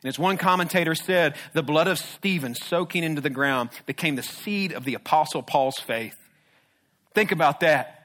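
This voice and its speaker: Man preaching, fairly high voice, emphatic then hushed, sermon delivery. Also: moderate pace. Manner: swings from loud emphatic declarations to hushed low intensity. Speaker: pastor.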